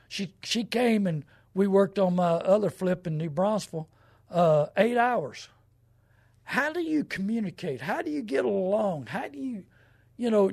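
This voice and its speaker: A man's voice: high-pitched, creaky, darkish tone. A middle-aged man, a show host, giving casual advice in a rambling, folksy, emphatic way.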